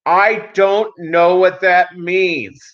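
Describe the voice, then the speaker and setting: A man voicing a loud, impatient male cashier who yells slowly at customers as if they were deaf. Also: high voice, steady tone, dull audio, pitched above the performer's own voice. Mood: yelling.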